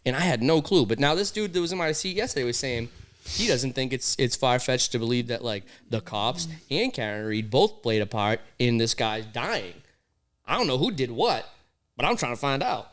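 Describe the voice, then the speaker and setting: A man's voice: mid-range voice, normal speed. A man co-hosting a podcast in casual, teasing banter. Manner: animated, teasing, jumps into voices and mock pronunciations. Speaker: podcast co-host.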